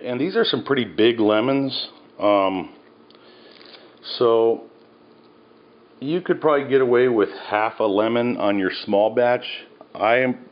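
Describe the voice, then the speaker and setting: A man with a very low voice talks his way casually through a recipe in a home kitchen. He rambles and cracks self-mocking jokes. The sound is a little dull, with a faint hiss behind. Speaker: home cook. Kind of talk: casual cooking video.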